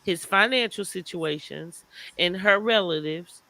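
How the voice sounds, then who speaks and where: A man hosting a casual livestream gossip chat, animated, reading chat comments aloud and exclaiming. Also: high voice, measured pace, gravelly, no room sound, low-quality recording. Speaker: livestream host.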